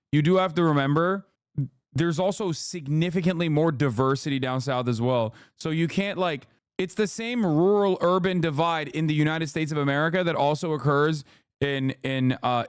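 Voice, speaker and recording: A man's voice: fairly high pitch, normal speed, clear, resonant tone, no room sound, studio quality. A man streaming, reacting to news clips in casual, blunt, slangy commentary. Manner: blunt, profane, slangy, lectures chat.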